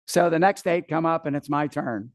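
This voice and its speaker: A middle-aged man speaks from a seminar stage in a fairly high voice. He tells a story with casual swearing and acts out his own panic. The sound is dry and close. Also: normal speed, no echo. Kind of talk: live seminar talk.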